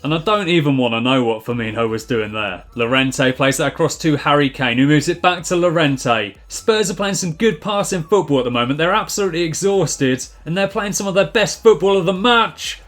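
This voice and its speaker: Young man, slightly high voice, dry sarcastic football game commentary, deadpan asides. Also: a little fast, hardly any pauses.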